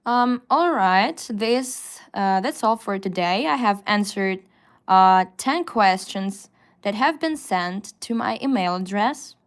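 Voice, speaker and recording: Slow-paced woman teaching on a live stream. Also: mid-range voice, lively intonation. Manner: slow, patient explaining with frequent fillers. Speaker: Russian language teacher. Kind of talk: live-stream language lesson. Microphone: phone.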